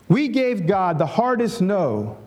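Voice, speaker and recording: Slow, mellow-voiced male pastor preaching. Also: high-pitched, sing-song. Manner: conversational, asks "right?" often, leads prayer. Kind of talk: sermon.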